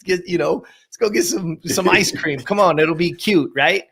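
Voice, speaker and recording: A woman's voice: lowish voice, normal speed, fairly bright tone, slightly rough. A man voicing a middle-aged mother who coaxes her upset son with offers of treats, in a cajoling, brushing-off manner. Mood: coaxing. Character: exasperated coaxing mother, middle-aged woman.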